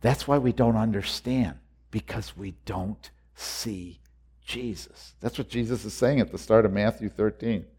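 A man preaching a sermon, earnest and repetitive, moving between quiet reflective lines and loud urgent exhortations. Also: on the low side, measured pace, breathy edge.

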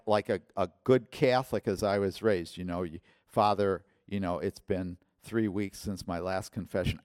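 Low-voiced guy preaching a testimony, dry close sound, gets loud quoting people. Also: no room sound. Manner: storytelling, voice swells loud when quoting others. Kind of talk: sermon testimony.

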